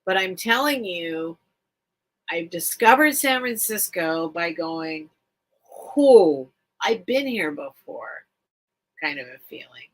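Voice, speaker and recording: A woman's voice: on the low side, lively intonation, slow, fairly bright tone. A woman hosting a live stream, chatting casually and emotionally with viewers, rambling and repeating herself. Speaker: live-stream seller and host.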